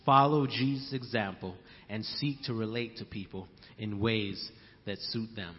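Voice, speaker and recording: Young preacher in a reverberant church. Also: male voice, lowish voice, measured pace, slight background noise. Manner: repeats key lines for emphasis, calls listeners brothers and sisters; storytelling asides, rising to loud emphasis. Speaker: pastor. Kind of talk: sermon. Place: church sanctuary. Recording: long hall reverb, dull lo-fi sound.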